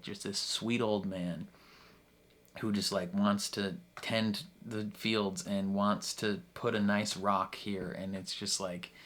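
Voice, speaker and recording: A man with a somewhat low voice talks through an episode he just watched. He rambles, restarts his sentences and laughs between points, and his voice climbs when he gets worked up. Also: fairly bright tone. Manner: rambling, many restarts and fillers, laughs often, gets heated. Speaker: reaction video host. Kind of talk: casual recap of a TV episode.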